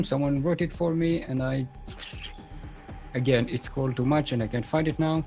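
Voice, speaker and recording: A man's voice: medium pitch, moderate pace, long pauses, warm tone, soft background music. A young man casting a live game match on his own, rambling and joking with many fillers and restarts. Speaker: esports caster. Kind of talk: solo live game commentary.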